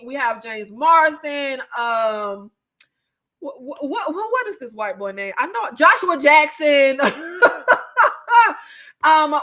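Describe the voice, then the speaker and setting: A young woman talks loosely through her favorite overlooked films. Her voice sits high and bright, full of fillers, asides and easy laughs. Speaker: movie review YouTuber. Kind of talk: casual movie recommendations.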